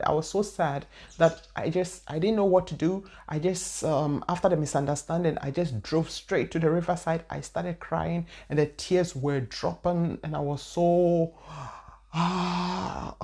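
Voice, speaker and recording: Gravelly-voiced woman spiritual teacher. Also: fairly low pitch, a little mellow. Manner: earnest, repetitive storytelling. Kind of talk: personal testimony talk.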